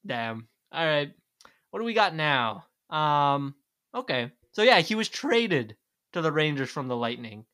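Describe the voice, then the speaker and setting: A man's voice: fairly high pitch, big pitch swings, unhurried, bright, forceful tone. A young man hosting a casual podcast quiz, laid-back and a bit profane. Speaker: podcast host, quizmaster.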